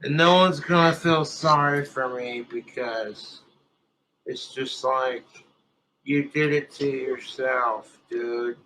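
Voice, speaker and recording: A man ranting furiously, shouting and cursing in a recorded video clip. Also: mid-range voice, steady tone, slow. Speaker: video creator in a played clip. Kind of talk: raging rant. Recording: loud noisy clip audio.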